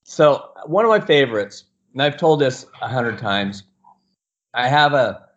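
A middle-aged man and portrait photographer telling a story in an animated way, acting out the other people's lines and laughing often. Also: mid-range voice, unhurried. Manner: acts out quoted voices and laughs often. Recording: dull lo-fi sound.

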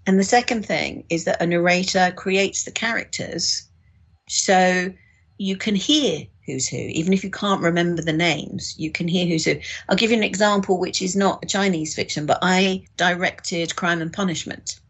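A woman's voice: on the low side, moderate pace, slightly rough. A woman, an audiobook director, explaining her work in a casual discussion with frequent restarts. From United Kingdom.

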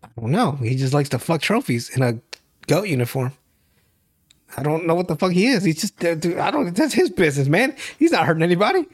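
A man's voice: fairly high pitch, big pitch swings, a little fast. A young man hosting a podcast, recapping a TV show in casual, profane, rambling chat and laughing often. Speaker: podcast host.

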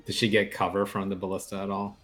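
A man's voice: deep voice, completely flat delivery, quick pace, a bit bright, soft background music. A man playing a tabletop game, reacting and laughing along with the others. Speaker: player. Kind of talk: casual tabletop play.

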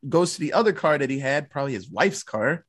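A man with a slightly high, animated voice talks fast as a podcast co-host casually retelling a movie plot. His storytelling is loose and profane, and he slips into acting out the characters' lines.

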